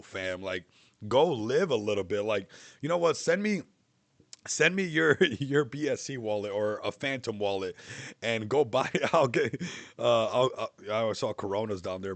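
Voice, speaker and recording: A man's voice: fairly low pitch, no echo. A young man hosting a livestream, talking in a loose, rambling way, mocking and laughing often. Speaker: livestream host. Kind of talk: casual livestream chat.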